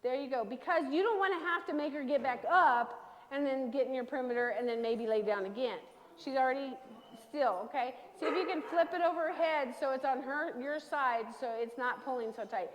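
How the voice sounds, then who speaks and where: In a hall-like space with a long echo, a woman with a high voice coaches dog owners step by step through a training class. She frequently pauses to ask a brisk "okay?" as she explains.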